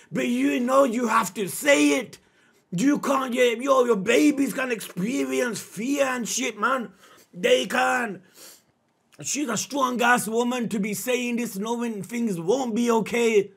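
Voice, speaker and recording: Raspy high-voiced man reacting emotionally. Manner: emotional, swings between shouting and low muttering, slangy. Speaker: manga reaction streamer. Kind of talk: live reaction commentary.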